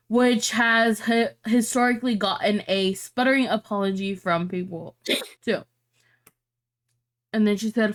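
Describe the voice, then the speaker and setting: A woman's voice: medium pitch, steady tone, normal speed. A woman co-hosting a podcast, reading out online posts and reacting with brash, profane commentary. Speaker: podcast co-host.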